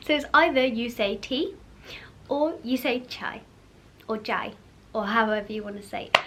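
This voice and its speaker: A young woman talks to camera in a light, fairly high voice that jumps up brightly when she gets animated. Her chat is loose and friendly, full of fillers and quick laughs, with a faint room hum behind her. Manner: chatty, lots of fillers and laughter. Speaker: vlog host.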